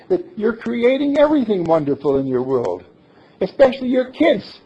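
A man preaching a sermon to his congregation in a playful, animated way, laughing often. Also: high-pitched, moderate pace, husky. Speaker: minister. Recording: dull lo-fi recording.

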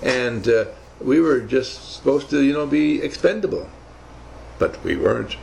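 A man's voice: mid-range voice, measured pace, vocal fry, darkish tone, a little hiss or hum, poor audio. An older man telling rambling, emphatic stories from his navy days in a motivational talk. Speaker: speaker recounting navy service.

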